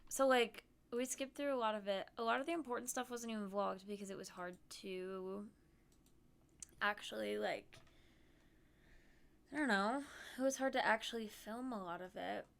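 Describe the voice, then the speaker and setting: A woman's voice: medium pitch, fairly even intonation, normal speed, creaky, fairly bright tone. A young woman streamer recounting a trip in a giggly, chatty way. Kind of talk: casual chat.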